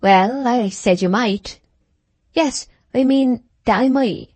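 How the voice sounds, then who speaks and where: A man's voice: very high voice, slow pace, a little mellow, no room sound, pitched above the performer's own voice, heavily acted. A woman voicing an evasive young male soldier in an audiobook, with a cool, offhand manner. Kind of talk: audiobook character reading.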